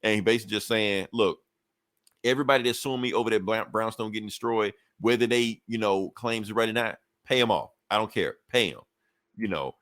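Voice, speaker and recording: A man's voice: lowish voice, a little fast, fairly bright tone, dry recording. A man co-hosting a podcast, casually recapping a comic book in a loose, profane storytelling way with lots of filler asides. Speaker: podcast co-host reviewing comics.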